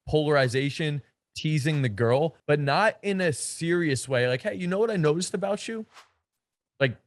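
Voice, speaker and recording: A man's voice: on the high side, no room sound. A man giving a casual coaching talk as a dating coach, blunt and slangy, with frequent swearing and emphatic stresses.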